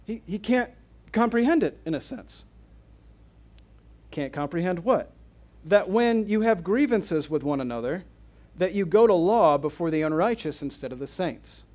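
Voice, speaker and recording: A pastor preaching an expository sermon in church, asking his congregation rhetorical questions in an animated, conversational way. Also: high voice, moderate pace.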